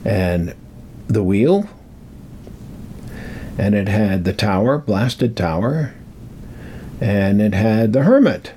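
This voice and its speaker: A man's voice: on the low side, animated, takes it slowly, long pauses, mellow, a little hiss or hum. An older man telling a rambling personal story, repeating words for emphasis. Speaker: speaker on metaphysics.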